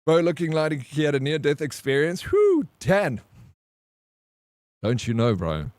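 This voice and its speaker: A man's voice: a little high, huge pitch swings, measured pace, darkish tone, dry recording, studio quality. A man livestreaming, telling a story in a loose, slangy way, swearing and saying "bro" often while he greets his chat.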